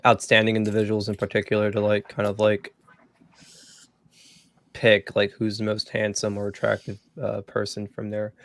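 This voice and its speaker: A man's voice: fairly low pitch, completely flat delivery, moderate pace, no echo. A man co-hosting a casual podcast, hesitant and filler-heavy, saying "like" and "um" often. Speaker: podcast co-host. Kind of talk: casual chat.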